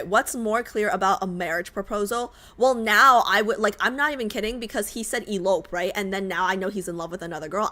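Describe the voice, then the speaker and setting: A young woman streaming a game live, chatting in an animated, exasperated, rambling way. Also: medium pitch.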